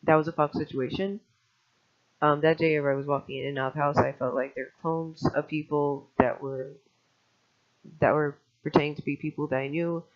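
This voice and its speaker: A man telling a personal testimony in a fast, scattered way, restarting often and swearing casually. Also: fairly high pitch, little pitch movement. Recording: dull lo-fi recording.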